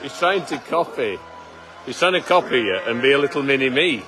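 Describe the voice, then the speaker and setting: A farmer hosting a live stream chats casually and teases his colleagues, restarting his sentences often. His mid-range voice is expressive and brisk, with music playing in the background.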